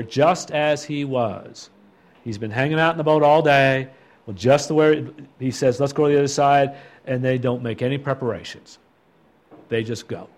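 A man teaches a Bible study in an ordinary mid-range voice. He reads scripture expressively and pauses to reflect on it. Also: mid-range voice, darkish tone.

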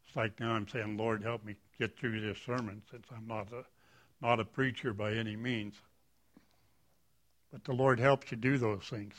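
A man's voice: mid-range voice, fairly bright tone. Folksy man giving an informal church talk. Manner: rambling, folksy, self-deprecating. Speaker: lay speaker at church.

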